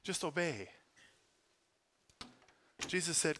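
A man preaching a sermon, earnest, moving between forceful emphasis and quiet, hushed prayer. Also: medium pitch, lively intonation, normal speed, a little hiss or hum. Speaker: pastor.

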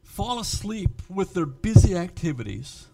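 A man preaching to his congregation in a fairly high voice. He speaks slowly and emphatically, and his loudness rises and falls. When he leaves his notes he halts and repeats words. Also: very animated, creaky, soft background music. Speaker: pastor. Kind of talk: sermon.

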